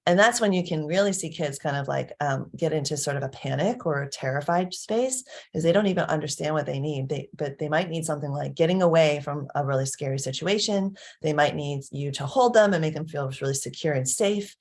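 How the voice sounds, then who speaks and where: A woman's voice: deep voice, brisk, few pauses. A woman giving a casual parenting lesson in a chatty way, laughing often and checking in with her listeners. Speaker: parenting coach. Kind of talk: casual teaching talk.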